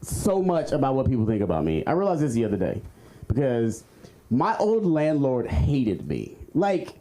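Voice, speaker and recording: A man performing an animated, jokey stand-up set at an open mic on a club stage, laughing through his lines. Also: medium pitch, moderate pace. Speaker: stand-up comedian. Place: comedy club stage with live audience. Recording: noisy crowd in a club. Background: audience laughter.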